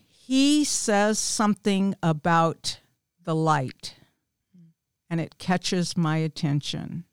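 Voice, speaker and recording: A woman's voice: lowish voice, lively intonation, slow pace, clean tone, dry recording, studio quality. A woman in her fifties, a small group leader, candidly telling a personal faith story with self-deprecating humor. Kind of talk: personal testimony in casual chat.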